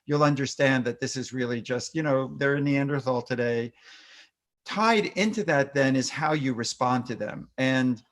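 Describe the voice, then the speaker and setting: A man's voice: medium pitch, normal speed. A man, a doctor who advises parents, talking through parenting techniques in a fireside chat and sometimes acting out how to speak to an upset child. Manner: explanatory, acts out parent-child phrases; frequent fillers and restarts.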